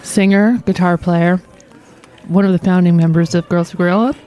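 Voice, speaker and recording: A woman's voice: lowish voice, fairly even intonation, normal speed, mellow. A woman co-hosting a radio talk show, playful and teasing in casual banter. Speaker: co-host.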